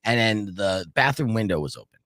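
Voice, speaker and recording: A man's voice: on the low side, brisk, dry recording, studio quality. A man hosting a morning radio show, telling a long story in a loose, swearing way and acting out the people in it. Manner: animated storyteller who acts out voices and swears freely. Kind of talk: casual morning radio talk. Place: radio studio. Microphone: studio microphone.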